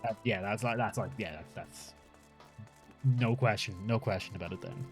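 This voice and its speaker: A man's voice: lowish voice, normal speed, faint music behind. A young Irish man streaming a game, chatting casually and thinking aloud in a rambling way, with casual swearing. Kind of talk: casual live-stream chat while gaming.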